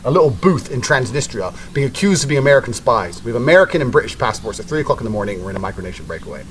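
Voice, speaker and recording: A man's voice: medium pitch, sing-song, very fast, a little hiss or hum. A man telling a story in a blunt, casual way, with heavy swearing.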